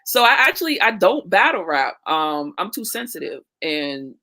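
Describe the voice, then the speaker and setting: A woman with a Boston accent talks as a guest poet in a relaxed interview. Her voice is bright and sharp, and she chats freely with easy laughs. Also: on the low side, normal speed. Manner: chatty, laughing easily. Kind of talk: casual interview chat.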